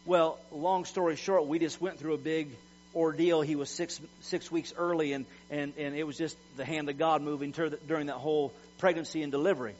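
A man's voice: a little high, fairly even intonation, a little fast, darkish tone. A middle-aged man preaching a sermon in an emphatic, folksy way, repeating words as he tells personal stories. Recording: dull lo-fi recording with mains hum.

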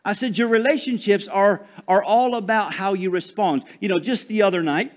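A man from Michigan preaching a sermon to his congregation, calling for responses and rising loud on key phrases. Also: high-pitched, normal speed. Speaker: pastor.

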